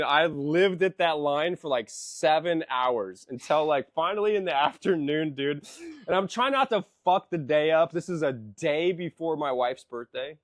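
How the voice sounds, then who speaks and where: A middle-aged man hosting a podcast, telling a profane, animated story in casual chat. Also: on the high side, moderate pace, no room sound, studio quality. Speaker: podcast host.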